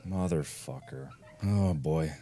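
A young man hosting a gaming video, swearing a lot as he swings from low muttering to angry yelling. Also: takes it slowly, soft background music. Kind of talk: frustrated let's play commentary.

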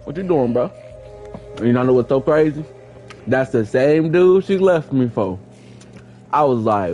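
A man giving live gameplay commentary, playfully trash-talking enemies and repeating excited catchphrases. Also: medium pitch, measured pace, long pauses, faint music behind. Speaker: gaming streamer.

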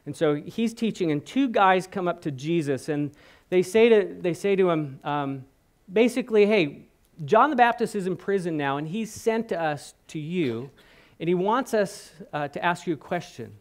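A man preaching a sermon in church, telling a Bible story with animated acted-out quotes and questions to the congregation. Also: high-pitched, normal speed. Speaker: guest preacher. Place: church hall.

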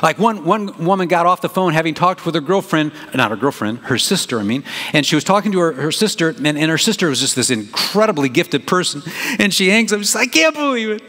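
A pastor preaching a sermon in an animated, conversational way, with big jumps in emphasis. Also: male voice, a little high, fairly quick. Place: church sanctuary. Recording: reverberant church hall, faint noise.

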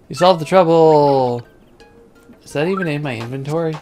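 A man casually commenting on his gameplay, thinking out loud with frequent ums. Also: fairly high pitch, normal speed, pauses often, slight background noise. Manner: laid-back, thinking out loud with many ums. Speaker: let's play host. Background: game music.

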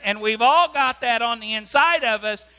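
A man's voice: very high-pitched, moderate pace, smooth. A man preaching a sermon as pastor, keeps asking the congregation "right?" in a church with a hum and long reverb. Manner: lively preaching, asks the congregation "right?" again and again. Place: church sanctuary.

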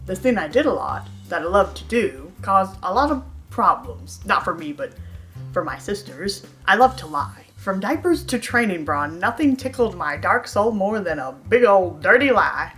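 A woman's voice: medium pitch, very animated, normal speed, fairly bright tone. Young woman vlogger doing a storytime, sarcastic and self-mocking, bit of music under it. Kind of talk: storytime monologue.

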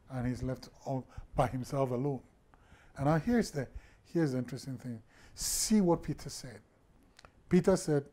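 A man's voice: mid-range voice, mellow. A man preaching a sermon as a pastor, talking in a loose conversational way with frequent restarts and stammers.

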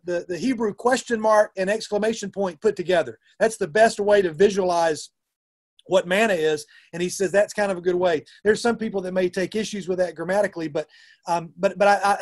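A middle-aged youth minister with a Southern US accent and a high voice speaks earnestly and conversationally to fellow ministers, often restarting his sentences.

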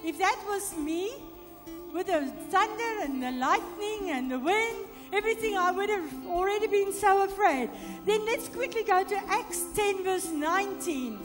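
Woman preacher, very high voice, interactive sermon, long church reverb with faint music under. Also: lively intonation, unhurried. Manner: reads scripture aloud and coaxes audience responses.

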